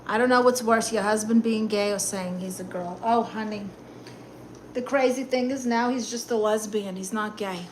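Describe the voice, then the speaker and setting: A woman's voice: mid-range voice, fairly even intonation, moderate pace, background noise. A woman with a Brooklyn accent hosting a casual live stream as a comedic aunt, chatting sassily and answering the chat while she eats. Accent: New York, Brooklyn.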